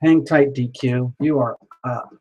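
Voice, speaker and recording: A man hosting a live tarot reading stream, talking in a chatty, excitable way and joking with his viewers. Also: medium pitch, unhurried, highs cut off. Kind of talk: casual live-stream chat.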